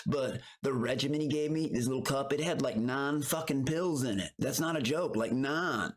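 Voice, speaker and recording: A man's voice: mid-range voice, normal speed. A man streaming his reactions to recaps, talking in a rambling, heated and profane way. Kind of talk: casual reaction commentary.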